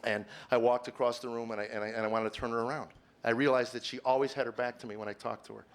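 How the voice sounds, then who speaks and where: A middle-aged male comedian on stage, telling a personal story in a heartfelt, confessional way. His voice sits at an ordinary middle pitch. He stumbles over repeated words, then builds to emphatic, sermon-like declarations before dropping back to a hushed, reflective tone. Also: level tone, fast. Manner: earnest, stammers with repeated words, swings from quiet musing to emphatic preaching. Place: stage before a live audience.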